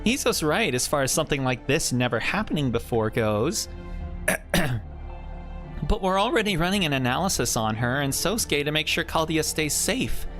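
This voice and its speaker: A man's voice: on the high side, big pitch swings, moderate pace, fairly bright tone, soft background music. A man voicing a cheerful, curious woman inventor who reasons aloud.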